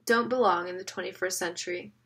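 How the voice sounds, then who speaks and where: A woman's voice: lowish voice, fairly even intonation, fast talker, fairly bright tone. Earnest serious guy explaining stuff, woman reading him aloud. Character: earnest serious man, time-law enforcer. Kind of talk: audiobook reading.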